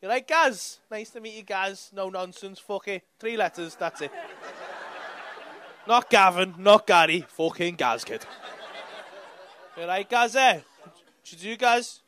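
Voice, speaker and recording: A man's voice: high voice, measured pace, long pauses, sharp tone, a little hiss or hum. A man doing crowd work at a comedy club, bantering with the audience in brash, sweary, teasing talk. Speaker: stand-up comedian.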